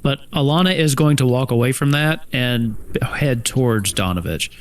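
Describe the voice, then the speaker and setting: A man in a tabletop game describes his character's actions step by step in a plain, mid-pitched voice. He is thoughtful and measured as he asks questions of the table. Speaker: player.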